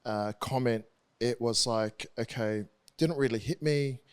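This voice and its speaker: A man in his thirties speaks as a podcast guest at a middle pitch. He tells his story earnestly, stopping and restarting his sentences often as he works through it. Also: clean tone. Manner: earnest, halting with frequent restarts. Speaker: interview guest, rugby league player. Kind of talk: candid podcast conversation.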